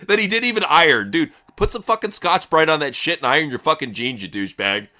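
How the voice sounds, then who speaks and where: A man hosting a live reaction stream in a bright, sharp voice that swings up and down a lot. He talks crudely and mockingly and swears constantly. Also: fairly high pitch, expressive, fast. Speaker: host. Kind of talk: casual chat, live reaction.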